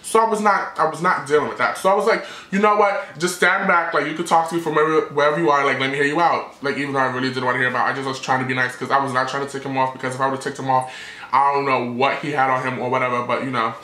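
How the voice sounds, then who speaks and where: Brief: young male vlogger, fast and bright, animated storytime rant, echoey room. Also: mid-range voice. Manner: animated, dramatic retelling with quoted voices.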